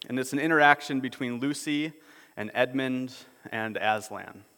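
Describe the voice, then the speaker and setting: A man preaching a sermon as a pastor, in a relaxed, conversational way, often repeating words as he restarts. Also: mid-range voice, normal speed. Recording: long hall reverb.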